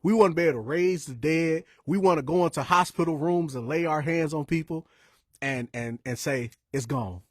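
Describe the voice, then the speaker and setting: A young man, telling stories in a lively, informal preaching style. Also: a little high, fairly quick, no room sound, clean studio sound. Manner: lively, animated storytelling with quoted voices and restarts. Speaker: speaker sharing church stories.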